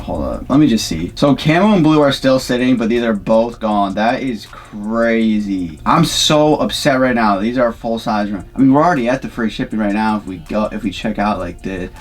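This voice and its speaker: A man talking straight to his viewers in a casual vlog, full of exasperated, disbelieving outbursts. His voice sits at an ordinary middle pitch. Faint background music runs underneath. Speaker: vlogger. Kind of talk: casual live-shopping commentary. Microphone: camera-mounted shotgun mic.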